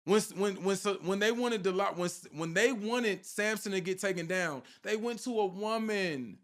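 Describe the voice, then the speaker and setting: A man's voice: high-pitched, normal speed, fairly bright tone. A man preaching an informal sermon with fervour, firing rhetorical questions at his listeners and repeating a question for emphasis.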